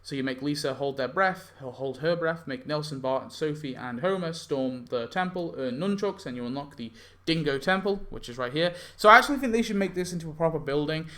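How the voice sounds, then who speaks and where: Rambling young man with a slightly high voice. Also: fairly bright tone. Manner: rambling, full of "like" and self-corrections. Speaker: game YouTuber. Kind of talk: casual commentary on a game concept.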